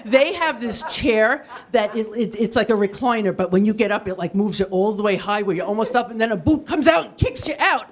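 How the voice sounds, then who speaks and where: A woman's voice: on the high side, lively intonation, brisk, hardly any pauses. A woman performing a stand-up comedy set in a TV studio, delivering self-deprecating punchlines in a dry, matter-of-fact way. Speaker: stand-up comic. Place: TV studio with live audience.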